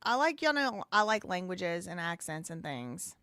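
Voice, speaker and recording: A woman's voice: lowish voice, sing-song, normal speed, sharp tone, no room sound. A woman hosting a live stream, chatting casually, laughing and repeating phrases as she goes. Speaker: live show host.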